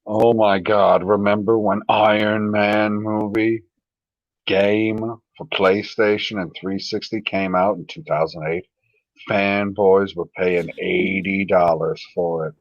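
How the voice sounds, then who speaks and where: A man's voice: on the low side, little pitch movement, takes it slowly, no echo, muffled recording. A man hosting a live stream, reading viewer comments aloud in a casual, sardonic, profane way.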